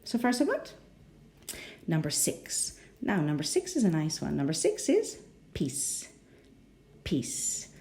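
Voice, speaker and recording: A woman's voice: mid-range voice, mellow. A woman with a rhotic English accent teaching a pronunciation lesson, patient and often checking in with the learners.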